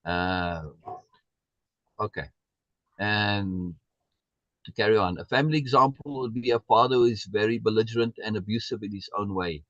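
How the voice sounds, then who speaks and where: A man's voice: on the low side, normal speed, long pauses, a bit bright, dry recording, dull audio. A man hosting a live stream, talking in an emphatic way and repeating words for stress as he answers viewer comments. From South Africa. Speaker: livestream host.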